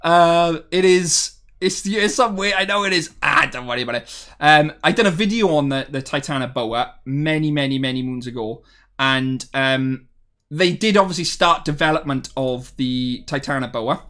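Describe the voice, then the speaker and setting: A man's voice: a little high, normal speed, fairly bright tone. Chatty man streamer with a raised voice. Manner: chatty, friendly, many fillers and restarts. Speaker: streamer reading live chat. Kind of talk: casual livestream chat.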